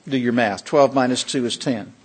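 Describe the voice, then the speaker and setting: A man's voice: mid-range voice, moderate pace, husky. A man pastor delivering a sermon, emphatic and asking the congregation questions as he goes.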